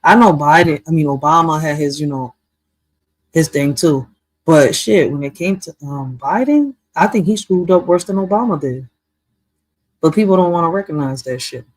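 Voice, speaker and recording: A woman's voice: low voice, normal speed, dry recording, low-quality recording. A woman hosting a reaction video, commenting in a casual, profane, slangy way and often saying "yo". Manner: profane, slangy, animated, frequent "yo".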